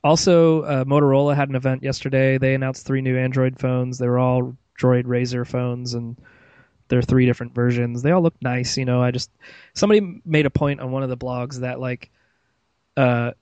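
A man's voice: medium pitch, level tone, moderate pace, a little mellow, clear, resonant tone, no room sound, highs cut off. A man hosting a casual tech podcast, rambling and opinionated, with plenty of fillers. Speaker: podcast host.

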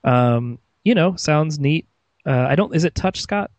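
A man's voice: fairly high pitch, animated, unhurried, no echo. A man hosting a casual tech podcast, rambling and opinionated, with plenty of fillers. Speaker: podcast host.

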